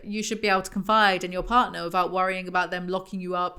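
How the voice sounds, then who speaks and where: A woman's voice: lowish voice, flat delivery, fast talker, hardly any pauses, sharp tone, clear, resonant tone. Female host for a comedic book review, sarcastic and mocking, reads excerpts aloud.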